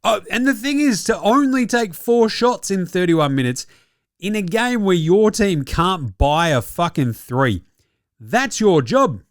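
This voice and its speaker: A man's voice: high voice, big pitch swings, takes it slowly, dry recording, studio quality. A man with an Australian accent hosting a basketball podcast, delivering a profane, mocking comic rant and laughing at his own jokes. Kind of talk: sweary comic sports rant.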